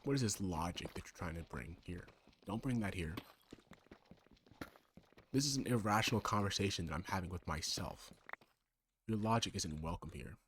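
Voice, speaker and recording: With a low pitch, an animated delivery at a moderate pace, and frequent pauses, a man in his twenties offers casual gaming commentary. Slight background noise is present. As a let's play creator, he rambles sarcastically and argues with himself from two alternating sides.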